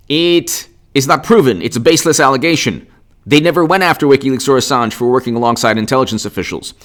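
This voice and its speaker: A man's voice: mid-range voice, a bit bright. A man delivers a heated political monologue in a middle-range voice. He sounds combative and indignant, with sarcastic jabs throughout. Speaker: political commentator. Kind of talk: unscripted political commentary.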